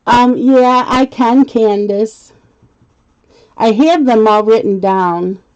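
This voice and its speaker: While coloring on a relaxed live stream, a middle-aged woman reads out viewer comments, chats and laughs a lot. She sounds mellow, unhurried and clear, with a resonant tone on the higher side. Her audio comes through slightly muffled and lo-fi.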